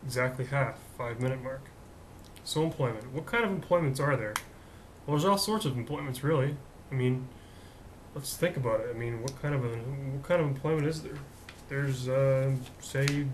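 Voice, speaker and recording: A man's voice: mid-range voice, background noise. A young man in his twenties hosting a comedic vlog, talking in a rambling, jokey, self-mocking way. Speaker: host.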